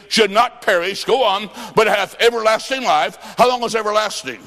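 A man preaching a sermon, telling a story and acting out its dialogue, with sudden shouts. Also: sits high, normal speed, hardly any pauses.

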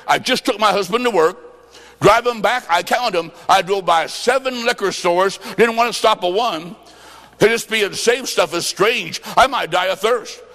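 High-voiced revival preacher in a big hall. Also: male voice. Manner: dramatic, swings between quiet and shouted lines. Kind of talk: revival sermon with storytelling. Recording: long hall reverb.

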